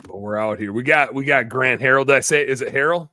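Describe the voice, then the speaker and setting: A man hosting a live podcast in casual chat, rambling and excitable, dropping the odd swear word. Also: medium pitch, quick pace. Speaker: podcast host.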